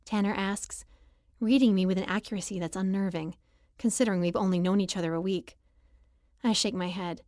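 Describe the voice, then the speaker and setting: A woman narrates a first-person romance audiobook with a lively, expressive delivery at a mid pitch. The studio recording is close and completely dry. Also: normal speed, no room sound.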